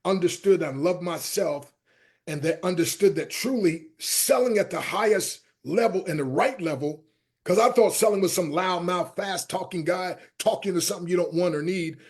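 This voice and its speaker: Husky, animated male storyteller. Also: high-pitched, normal speed. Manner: animated storyteller who acts out quoted voices and shifts loudness a lot. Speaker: podcast guest, motivational speaker. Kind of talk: storytelling interview talk.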